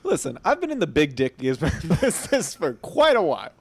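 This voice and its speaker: A man's voice: fairly high pitch, huge pitch swings, normal speed, husky. A man, a stand-up comedian, chatting as a guest on a podcast. He laughs often and riffs on jokes. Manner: laughing often, riffing with put-on voices. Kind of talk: casual comedic chat.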